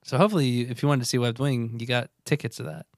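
A relaxed man chatting on a podcast, loose and rambling, often restarting mid-sentence. His voice sits at a middle pitch, recorded close and dry with no room sound. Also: rapid-fire, creaky, no echo. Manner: laid-back, rambling, many restarts. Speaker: podcast co-host, touring musician. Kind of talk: casual chat.

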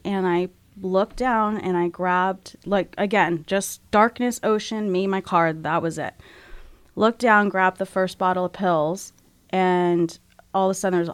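Woman guest, candid storyteller, halting and tearful delivery. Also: medium pitch, clean tone. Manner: frank, halting, emotional retelling.

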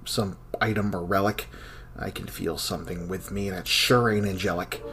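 A man's voice: low-pitched, steady tone, moderate pace, fairly bright tone, a little hiss or hum. An actor playing a weary, sarcastic male scholar who works alone in an archive, talking with a dry, irritable edge. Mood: wary. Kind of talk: audio drama acting.

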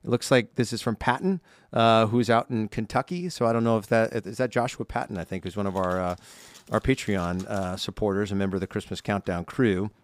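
A man's voice: fairly low pitch, brisk, no room sound. A young man co-hosting a podcast in a studio, chatting casually and upbeat as he reads fan mail aloud. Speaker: podcast co-host.

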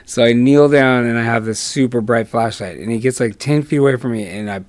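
A man's voice: medium pitch, a little fast, dry recording. A man telling wild stories in a casual chat, swearing and laughing often. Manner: profane, laughing often, animated. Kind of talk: casual storytelling.

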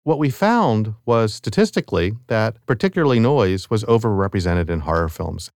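Low-voiced middle-aged male professor explaining. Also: expressive, darkish tone, no echo, studio quality. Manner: explanatory, measured, academic. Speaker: professor of ecology and evolutionary biology. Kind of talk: interview clip in a narrated podcast.

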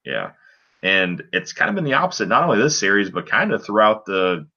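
A man with a very low voice talks through a hockey game on a casual podcast. He rambles, with many fillers and restarts. His tone is bright and forceful, and the recording sounds dull and lo-fi. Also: big pitch swings, brisk, slightly rough. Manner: rambling play-by-play recap with frequent fillers. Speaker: podcast co-host. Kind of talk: casual sports podcast chat.

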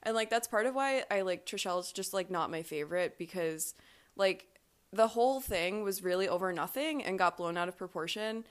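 A woman's voice: medium pitch, moderate pace. A woman talking as a podcast guest in casual chat, rambling along and filling her speech with "like.". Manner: rambling, heavy use of "like" fillers. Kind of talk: casual chat recapping a reality show.

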